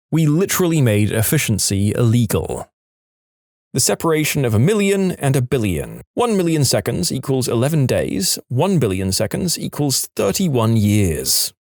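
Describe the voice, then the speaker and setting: A man hosting a podcast, reading online posts aloud in an animated way and dropping wry asides between them. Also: mid-range voice, gravelly, no room sound, clean studio sound.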